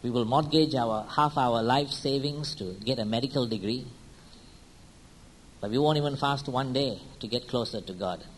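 A man preaching a sermon who keeps asking his listeners pointed questions and checking in with "hmm?", moving between quiet, slow lines and sudden loud, high-pitched bursts. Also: slight background noise, low-quality recording.

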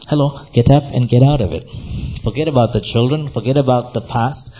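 A man's voice: medium pitch, brisk, dark tone, slight background noise, rough recording. A man preaching a sermon as pastor, exhorting and repeating himself, often asking his listeners questions. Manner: exhorting, repetitive, asks the audience questions.

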